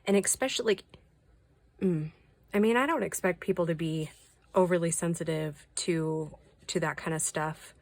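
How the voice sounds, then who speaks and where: Low-voiced chatty woman vlogger. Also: moderate pace, creaky, dry recording. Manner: chatty, indignant, confiding asides. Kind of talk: casual chat while doing a craft.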